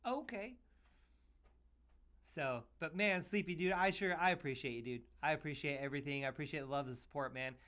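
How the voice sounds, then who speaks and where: A man's voice: fairly high pitch, a little fast, pushed and bright. A man from Utah hosting a podcast, chatting casually in an upbeat, joking way, full of "man" and "dude". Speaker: podcast host.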